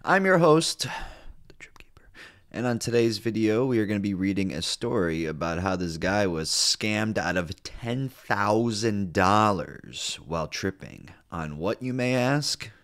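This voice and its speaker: A man's voice: on the low side, measured pace, few pauses, fairly bright tone. A man hosting a channel, reading an online story aloud and breaking off for playful, sarcastic comments, with plenty of fillers. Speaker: host reading and reacting to online stories. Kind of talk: casual read-aloud with joking asides.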